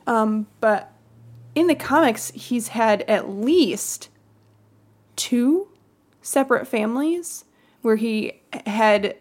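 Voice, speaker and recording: A woman's voice: a little high, lively intonation, slow, long pauses. A woman chatting casually about a film and its comics, joking and hesitant at times.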